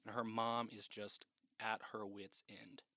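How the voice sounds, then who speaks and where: A man's voice: on the low side, little pitch movement, measured pace, bright, forceful tone, no echo, studio quality. A man casually recapping a horror film in a chatty, profane way, with lots of "like".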